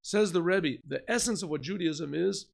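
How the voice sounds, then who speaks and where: A man, a rabbi, giving an informal Torah lesson, asking and answering his own questions and often clearing his throat. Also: on the high side, moderate pace. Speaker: rabbi teaching a class.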